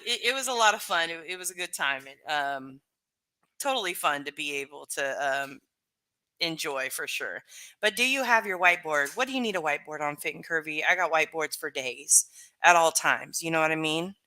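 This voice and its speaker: A woman's voice: sits low, expressive, moderate pace, sharp tone. A woman live streamer chatting casually with her viewers, rambling and full of fillers.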